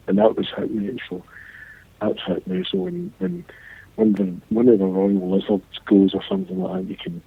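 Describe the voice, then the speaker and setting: Gravelly, raspy Glaswegian man on a phone line. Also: big pitch swings, fairly quick. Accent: Glaswegian Scottish. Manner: swings widely in pitch while telling an anecdote. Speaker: guest storyteller. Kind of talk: casual podcast banter. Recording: tinny phone-line sound.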